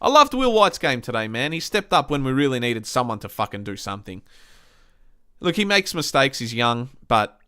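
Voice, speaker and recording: Australian guy, host, fired-up sweary match rant, lively up-and-down pitch, fairly high voice. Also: smooth. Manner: heated, sweary, exasperated ranting. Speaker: podcast host reviewing a football match. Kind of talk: casual ranting match review.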